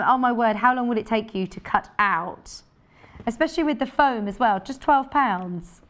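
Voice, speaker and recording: A woman demonstrates sewing tools on a live shopping channel from a TV studio. She talks in a chatty, enthusiastic way and thinks aloud as she works. Her voice sits a little high. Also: moderate pace, fairly bright tone. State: out of breath.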